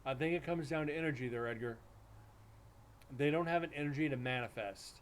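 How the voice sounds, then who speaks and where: A man's voice: fairly high pitch, a little fast, a little hiss or hum. A middle-aged man, a paranormal investigator, telling a story in a casual, rambling way on a live stream, full of restarts and acted-out dialogue.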